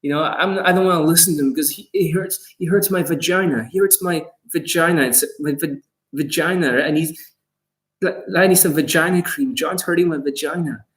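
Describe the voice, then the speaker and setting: A man's voice: fairly high pitch, fairly quick, a bit bright, lightly acted. A man putting on the voice of a whiny, easily offended young man, whining and self-pitying.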